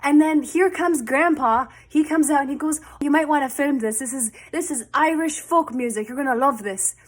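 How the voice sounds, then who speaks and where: A young woman with a bright, high voice tells a personal story in a loose, chatty way. She acts out both sides of the conversation as she retells it. She is from Canada. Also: moderate pace. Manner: chatty, animated retelling with quoted dialogue. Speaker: vlogger. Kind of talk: casual storytelling.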